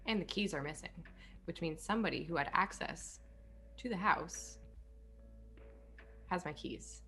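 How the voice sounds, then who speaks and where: A woman playing her character in a tabletop role-playing session. Her somewhat low but bright, edgy voice sounds exasperated, with swearing and repeated phrases. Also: a little slow, faint music behind. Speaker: player.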